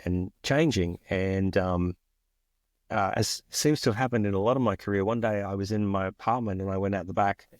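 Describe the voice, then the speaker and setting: An Australian man in his forties telling stories from his career in a lively, chatty way, acting out the people he quotes. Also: lowish voice, dry recording, clean studio sound. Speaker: guest. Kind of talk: casual storytelling interview.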